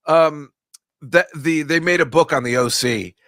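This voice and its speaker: Bright-voiced rambling male podcast host. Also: fairly high pitch, unhurried, dry recording, studio quality. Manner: rambling, laughing, animated storytelling. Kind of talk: casual chat.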